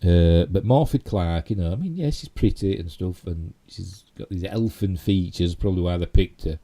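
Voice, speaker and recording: With a deep, warm voice and a moderate pace, this man speaks in a Yorkshire accent. He's from Yorkshire, England, and he rambles casually through geek news on a live stream, peppering it with "you know" and tag questions.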